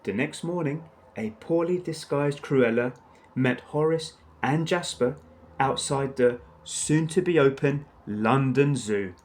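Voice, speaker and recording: A man narrating a children's storybook aloud in a measured storytelling manner. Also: mid-range voice.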